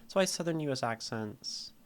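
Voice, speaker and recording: A man's voice: mid-range voice, animated, moderate pace, clean tone. A man streaming live, reading a poem aloud and then picking apart its meter and syllables. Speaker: streamer critiquing poetry.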